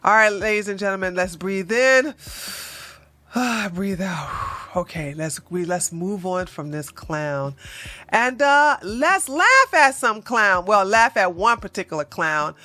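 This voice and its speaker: A woman's voice: medium pitch, lively intonation, unhurried, pushed and bright, no echo. A woman hosting casual political commentary, sarcastic and emphatic, with slangy phrasing.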